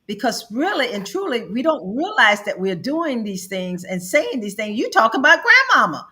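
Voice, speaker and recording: A woman's voice: mid-range voice, very animated, normal speed, fairly bright tone. A middle-aged woman hosting an advice show, speaking emphatically and acting out quoted family members as she counsels. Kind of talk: counseling talk.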